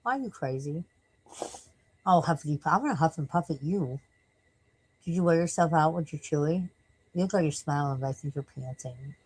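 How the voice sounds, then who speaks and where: A woman's voice: low-pitched, expressive, normal speed, pauses often, darkish tone, slightly rough, poor audio. A tired woman live streaming in casual, rambling chat, swearing freely and breaking off to scold and baby-talk her dog.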